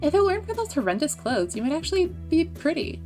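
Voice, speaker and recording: A woman's voice: high-pitched, big pitch swings, fast talker, a little mellow, faint music behind, voice pushed up. A woman voicing a snooty young village woman who talks down to people, in a farming video game. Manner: condescending, dismissive.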